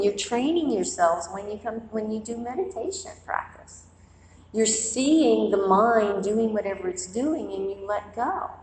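A woman's voice: mid-range voice, reverberant, long reverb tail, a little hiss or hum, poor audio. A woman meditation teacher giving a conversational dharma talk to a group, telling stories and acting out inner voices. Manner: conversational, animated storytelling with acted-out inner voices. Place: quiet meditation hall.

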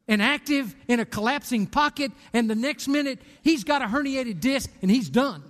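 A man's voice: extremely high pitch, a bit bright. A man in his sixties preaching a sermon as pastor, emphatic and direct as he tells stories. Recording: long reverb of a large hall.

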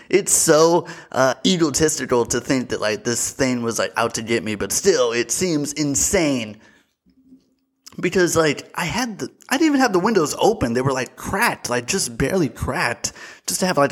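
A young man rambles through a story on his solo podcast with big swings in pitch. His voice sits a touch higher than most men's. He swears casually and calls his listeners dude. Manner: animated storytelling, bursts into shouted voices; swears freely, says dude often. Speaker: podcast host.

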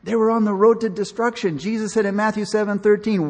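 Husky-voiced preacher man in a reverberant hall. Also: high-pitched, steady tone, a little fast, few pauses, a little mellow. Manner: earnest, emotional preaching with repeated restarts and "man"; acts out dialogue in the story he tells. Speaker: pastor. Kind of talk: sermon. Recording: long reverb of a large hall.

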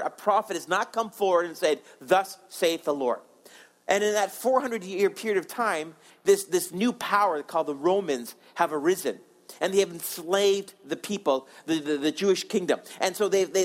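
A man's voice: high-pitched, rough recording. A man preaching a sermon in an earnest way, often repeating words and acting out prayers as quotes. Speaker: pastor.

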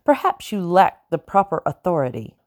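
Woman reading a crisp, haughty colonial lady. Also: fairly low pitch, big pitch swings, moderate pace. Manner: crisp, cold, demanding. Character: haughty, imperious colonial lady, sharp-tongued.

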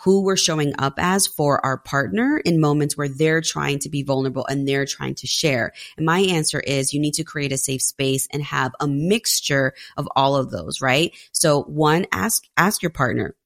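Low-voiced woman, kinda gravelly, chatty, lots of "like" and "right?". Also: normal speed, few pauses. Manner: candid storytelling with many fillers. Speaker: podcast guest. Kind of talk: casual conversation.

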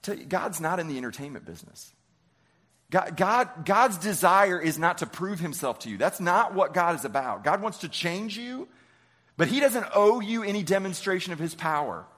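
Conversational preacher, man, fairly high voice. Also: animated, normal speed, a bit bright. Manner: conversational preaching, dramatizes biblical characters with everyday lines; repeats words and restarts often. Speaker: pastor. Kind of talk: sermon.

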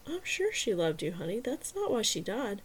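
A woman voicing a gentle foster mother who speaks softly and soothingly. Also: mid-range voice, sing-song, moderate pace, breathy edge. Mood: tender. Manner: soft, soothing, tender.

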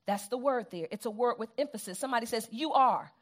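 A woman's voice: on the high side, fast. A woman preaching a sermon, repeating phrases for emphasis and calling on the congregation to answer back.

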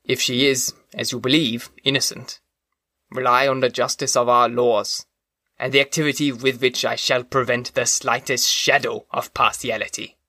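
A man voicing a calm, authoritative older father in an audiobook reading, slow and reassuring. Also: medium pitch, dry recording, clean studio sound.

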